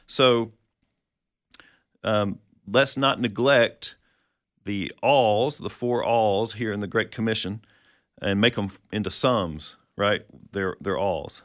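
A man's voice: on the low side, slow, no room sound, studio quality. A man co-hosting a conversational Bible teaching, explaining verses and asking questions. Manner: explanatory, quotes scripture, asks questions.

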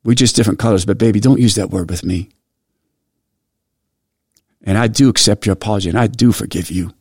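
A man quoting an older grandmother, speaking softly and tenderly as she forgives a boy. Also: lowish voice, a little fast, husky, no echo, clean studio sound. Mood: tender forgiving. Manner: soft, tender, calls the boy baby. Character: kind older grandmother, gently forgiving, devout.

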